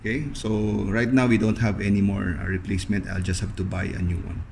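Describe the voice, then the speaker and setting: Low-voiced man in a relaxed how-to demo. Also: vocal fry, a little hiss or hum. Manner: loose, fills pauses with frequent "okay". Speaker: video host demonstrating appliance upkeep. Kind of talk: casual how-to demonstration.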